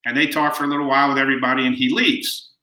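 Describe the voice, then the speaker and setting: A man's voice: mid-range voice, flat delivery, rapid-fire, roomy sound, rough recording. A middle-aged man telling family anecdotes as an interview guest, quoting people as he goes. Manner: warm anecdotal storyteller, quotes people. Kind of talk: storytelling interview.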